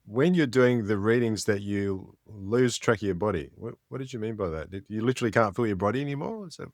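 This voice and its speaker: A man's voice: on the low side, fairly quick, no room sound, studio quality. A man hosting an interview, asking casual questions with some hesitation. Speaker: podcast host.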